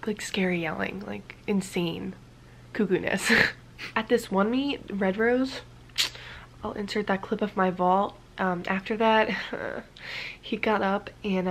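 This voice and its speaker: A woman's voice: mid-range voice, unhurried, a little hiss or hum. A woman vlogger telling a casual story-time tale, rambling with many fillers and dipping into whispers now and then.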